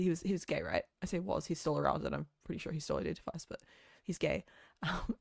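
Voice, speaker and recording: A woman's voice: deep voice, vocal fry, darkish tone, no echo, studio quality. A woman, chatting casually on a livestream in a rambling way, full of filler words. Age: late 20s. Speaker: VTuber streamer. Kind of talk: casual chat stream.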